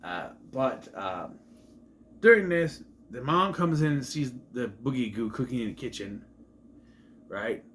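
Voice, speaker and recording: A man's voice: mid-range voice, animated, measured pace, a bit bright, slight background noise. A man casually recapping a movie, rambling and trailing off into asides. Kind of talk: casual film recap commentary.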